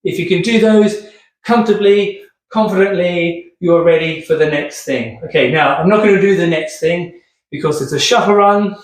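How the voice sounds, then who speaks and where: Here a man with a high-sitting voice talks at a moderate pace, cheerfully walking through rehab exercises as a physio instructor. He keeps checking "okay" and grows breathless, recorded from afar in an echoey, hard-floored room.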